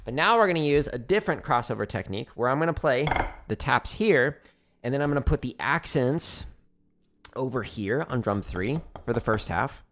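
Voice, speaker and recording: Chill drum teacher guy talking while he practices, slightly gravelly voice, lots of laughs, noisy room with clicks and drum hits behind. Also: medium pitch, normal speed. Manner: relaxed, laughs often, hums drum patterns. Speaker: drumming teacher streaming practice. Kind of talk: casual livestream Q&A while practicing. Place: home studio with drums.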